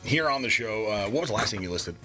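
A man's voice: fairly low pitch, lively intonation, fast, bright, forceful tone, faint music behind. A man hosting a call-in radio swap show, reading items for sale and trading jokes with his co-host. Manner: joking, reads listings aloud. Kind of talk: casual radio swap-shop chat.

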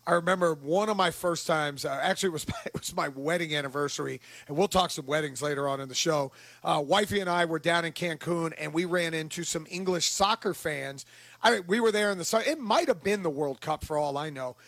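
A man's voice: a little high, a little fast, creaky, a bit bright, dry recording. A man hosting a sports talk radio show, chatting in an upbeat, easygoing way and laughing often.

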